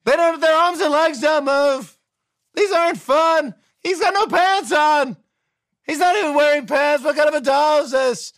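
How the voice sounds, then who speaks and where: A man doing an impression of a famous comedian as a high, whiny man complaining about a toy doll. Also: moderate pace, fairly bright tone. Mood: exasperated. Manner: whiny, exasperated ranting.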